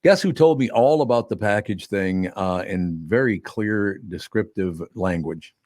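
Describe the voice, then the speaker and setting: An older man with a lowish voice hosts a studio radio chat, talking bluntly and breaking into laughter often. The sound is dry and close on the microphone. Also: measured pace, darkish tone, no room sound. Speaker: radio show host. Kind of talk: casual studio banter.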